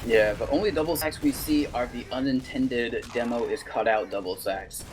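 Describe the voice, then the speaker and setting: A man's voice: medium pitch, normal speed, a little hiss or hum. Laid-back male esports co-caster. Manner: laid-back, chuckling, casual. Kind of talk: live play-by-play commentary.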